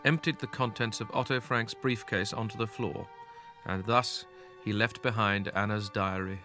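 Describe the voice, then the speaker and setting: A man narrates a documentary script in a measured, grave way. His voice sits slightly low, and soft music plays faintly beneath him. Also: fairly even intonation.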